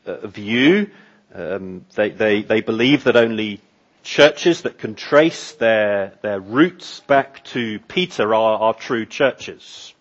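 A man delivers a sermon in a slow, deliberate way, leaning hard on repeated phrases for emphasis. His voice is slightly husky and sits in a middle register. The recording is muffled and lo-fi. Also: lowish voice, lively intonation. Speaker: pastor.

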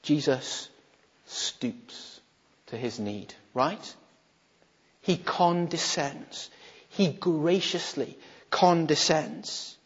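A man preaches a sermon in a high, husky voice, pressing his points with rhetorical questions and sinking to soft tones for quoted words. The recording is dull and muffled, with a long reverb from a large hall. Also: animated, extremely slow, long pauses. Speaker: minister.

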